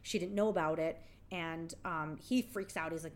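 A woman's voice: low voice, steady tone, normal speed. A woman co-hosting a casual podcast, filling in plot details and quoting characters. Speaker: podcast co-host. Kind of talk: casual movie recap chat.

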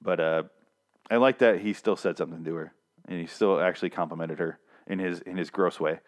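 A man's voice: low voice, brisk. A man giving a casual, rambling recap of a comic, sarcastic and foul-mouthed, often restarting his sentences. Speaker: comic book recap vlogger.

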